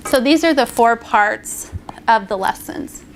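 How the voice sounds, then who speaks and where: Woman teacher going real slow through counting drills, kinda high voice, bit of room hiss. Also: lively intonation. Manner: leads group counting aloud with hand signals. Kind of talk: classroom lesson demonstration. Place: classroom or training room.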